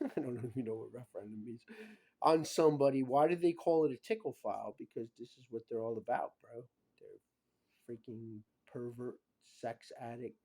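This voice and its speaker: Guy rambling on camera, mellow dark voice, lots of "you know" and "bro", goes from mumbling to loud. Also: medium pitch, vocal fry. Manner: swings between muttering and loud emphatic outbursts. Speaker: vlogger. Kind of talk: rambling casual monologue.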